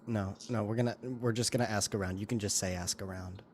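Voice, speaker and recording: A man's voice: lowish voice, fairly even intonation, quick pace, crowd noise. A man playing a tabletop game, dry and matter-of-fact. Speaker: player. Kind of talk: casual tabletop game chat.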